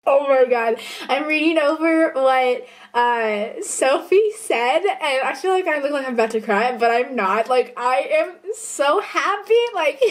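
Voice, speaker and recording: A young woman vlogging casually about her writing, bubbly and gushing, rambling with fillers and self-deprecating asides. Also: sits high. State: out of breath. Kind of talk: casual chatty vlog.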